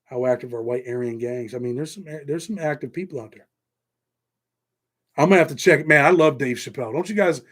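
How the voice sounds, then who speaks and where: On a casual livestream, a middle-aged host from New York talks loosely with his audience and thanks them by name. He has a medium-pitched voice and a Southern-tinged American accent.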